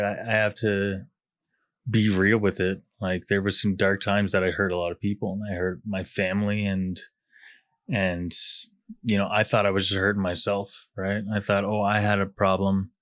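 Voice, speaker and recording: A man's voice: fairly low pitch, little pitch movement, moderate pace, a bit bright, no echo. A young man, hosting a podcast and telling his own story in a casual, profane way, full of fillers and restarts. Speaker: podcast host. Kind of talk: candid personal storytelling.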